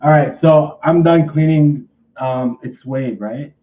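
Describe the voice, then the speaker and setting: A man's voice: fairly high pitch, echoey room, far from the mic, phone-quality sound. A man casually vlogging at home, rambling and restarting his sentences as he talks through a chore. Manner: rambling, repeats himself, halting restarts.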